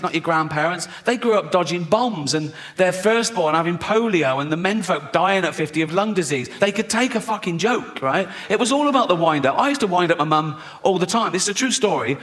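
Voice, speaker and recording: A man's voice: high voice, lively intonation, fairly quick, few pauses, a bit bright. A man doing stand-up comedy, mocking and sweary. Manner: mocking, swearing, acts out voices. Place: large theatre stage.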